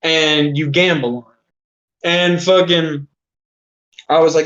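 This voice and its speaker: A man's voice: on the high side, steady tone, slow, fairly bright tone. A man in his thirties telling a long story casually as an interview guest, rambling, swearing often and filling his talk with "like". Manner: rambling, swears a lot, many "like" fillers. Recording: dull lo-fi recording.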